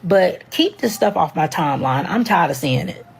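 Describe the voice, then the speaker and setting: A woman's voice: on the low side, animated, normal speed, gravelly, slightly rough. A woman giving a blunt, scolding rant to her phone audience, calling people fools and idiots. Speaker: social media commenter in a played clip. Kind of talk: angry rant to camera.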